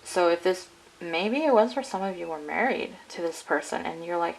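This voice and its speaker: A woman's voice: fairly low pitch, normal speed, creaky, slight background noise, low-quality recording. A woman giving a casual, rambling tarot reading to her viewers, full of "like" and "I'm getting.". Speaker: tarot card reader.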